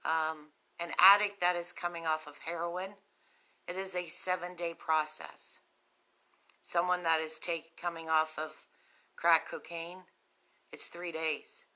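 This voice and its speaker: Speaking on her phone during a live stream, a woman from West Virginia reaches out with compassion to people in addiction, on behalf of a recovery nonprofit. She's unwell, coughing, with a cough drop in, and her bright, low, steady voice moves slowly, often pausing on an um.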